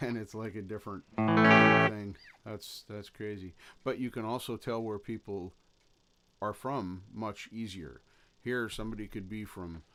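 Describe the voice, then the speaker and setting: A man chatting casually with his viewers during a late-night live stream, rambling and halting, with many fillers and restarts. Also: lowish voice. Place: his home in the lower Pacific Northwest. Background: his own guitar playing in some parts.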